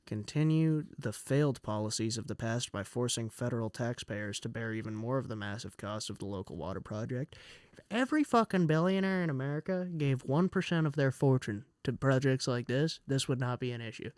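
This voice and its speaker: A man's voice: mid-range voice, fairly quick, a little mellow, smooth, no echo, clean studio sound. A man streaming, ranting with angry, profane exasperation as he reads news aloud. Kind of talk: casual ranting commentary while reading news aloud.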